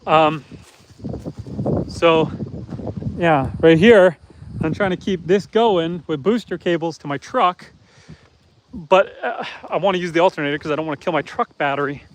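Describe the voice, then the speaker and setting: A man's voice: on the high side, normal speed, long pauses, slight background noise. A man chatting casually on a live stream outdoors on his farm, explaining his chores as he works. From Canada. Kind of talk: casual live-stream chat, reading viewer comments. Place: outdoors on a farm near a truck and pigs.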